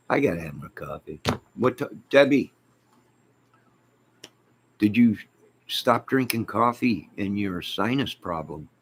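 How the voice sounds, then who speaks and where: A man's voice: lowish voice, lively intonation, slow pace, pauses often, slightly rough. A middle-aged man rambling and talking back to his viewers' comments, exasperated, in a casual live chat from home. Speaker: YouTube live host.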